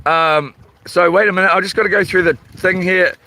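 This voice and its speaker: A New man streaming from a fishing rock, chatting in a halting, rambling way as he reads viewer comments, his voice a little rough and tired. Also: high voice, steady tone, sharp tone. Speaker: livestream host. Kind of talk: casual livestream chat. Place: outdoors on a rock by the water at night. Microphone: phone.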